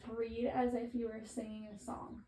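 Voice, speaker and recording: A woman's voice: on the high side, little pitch movement, normal speed, warm tone. A woman casually coaching someone to read aloud in different voices, encouraging, with frequent fillers. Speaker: reading coach. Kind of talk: giving reading instructions. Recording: echoey room with faint ambient noise.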